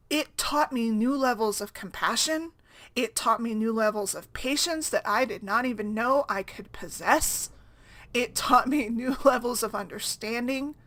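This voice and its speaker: A woman's voice: medium pitch, pushed and bright. A woman talking casually to camera as a single-mom blogger, rambling and conversational, often tagging on "right?".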